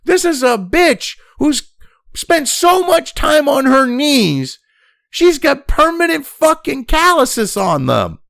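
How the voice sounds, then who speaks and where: A man's voice: very high voice, big pitch swings, slow, gravelly, a bit bright, no room sound, studio quality. A man hosting a profane political rant, reading news aloud and then angrily mocking it. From United States. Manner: angry, crude, mocking, reads news then rants. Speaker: political commentary host.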